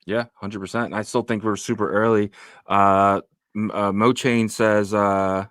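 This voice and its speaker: A man's voice: fairly low pitch, level tone, measured pace, fairly bright tone, dry recording, studio quality. A man co-hosting a casual crypto livestream, reading news and viewer comments aloud with lots of fillers. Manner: reads tweets and news aloud with frequent fillers. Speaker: livestream co-host.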